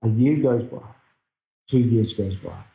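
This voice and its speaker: A middle-aged New Zealand man with a New Zealand accent tells a personal story earnestly and reflectively. His voice is dark and mellow. The recording is dull and echoey. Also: fairly low pitch, unhurried, creaky. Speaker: guest speaker. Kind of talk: personal storytelling in a podcast interview.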